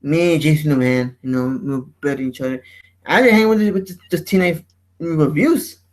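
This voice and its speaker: Brief: high-pitched male host, heated profane rant. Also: brisk, low-quality recording. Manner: ranting, profane, repeats words. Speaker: show host. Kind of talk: heated casual chat.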